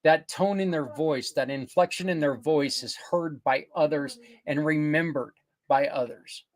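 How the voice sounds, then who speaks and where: An older man hosting a podcast, earnestly pitching community partners in a rambling, casual way with many restarts. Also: unhurried. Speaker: podcast host. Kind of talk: casual promotional talk.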